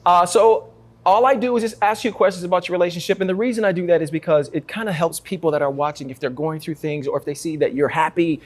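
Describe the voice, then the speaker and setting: A man from Africa hosting a talk show, energetic and joking as he teases his guests. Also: high-pitched, fast talker. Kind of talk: lively talk show interview.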